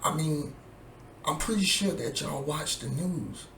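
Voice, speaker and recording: A man vents in a slow, deliberate drawl, his voice gravelly and full of fry as he swears and repeats his points. The room is echoey, with a faint hum of ambience underneath. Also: fairly high pitch, fairly bright tone. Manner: profane, heated, repetitive. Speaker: vlogger. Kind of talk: angry political rant to camera.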